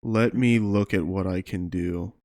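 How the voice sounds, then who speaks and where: A man playing a tabletop game, animated and restarting often as he asks about his moves. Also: low voice, measured pace, no room sound, clean studio sound. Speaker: player. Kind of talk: casual tabletop game chat.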